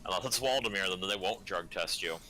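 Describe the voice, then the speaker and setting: Low-voiced man, sharp edge, casual deliberate chatter, repeats himself. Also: low-quality recording. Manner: deliberate, repeats and restarts phrases. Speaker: friend chatting on stream. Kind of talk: casual chat.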